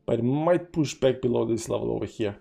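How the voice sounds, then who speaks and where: With faint music in the background, a man of medium pitch and a creaky, mellow voice hosts a casual crypto trading stream, talking a little fast. His English carries a non-native accent as he rambles over charts and reads chat messages aloud, full of fillers.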